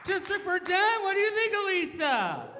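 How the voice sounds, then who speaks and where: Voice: very high voice, sing-song, normal speed, heavy background noise. A show host hyping up the crowd and introducing the next comedian on stage. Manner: hyped, shouting to the crowd. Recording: live room with long echo and crowd.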